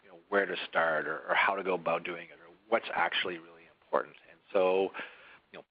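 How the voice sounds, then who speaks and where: Low-voiced man presenting a webinar. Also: steady tone, fast, breathy edge, highs cut off. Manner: conversational, frequent "right?" tags and restarts. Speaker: webinar presenter from a software vendor.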